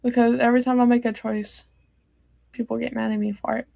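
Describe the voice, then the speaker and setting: Teen girl streamer venting in a hurt ramble; slightly high voice with vocal fry. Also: little pitch movement, a little fast, mellow, no room sound. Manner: hurt, rambling, many fillers and restarts. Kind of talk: upset personal livestream talk.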